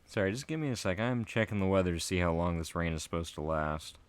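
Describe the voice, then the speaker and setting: A man's voice: low-pitched, expressive, fast talker, clear, resonant tone, no echo. A man co-hosting a podcast, telling rambling stories in casual chat. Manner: rambling, storytelling. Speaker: podcast co-host.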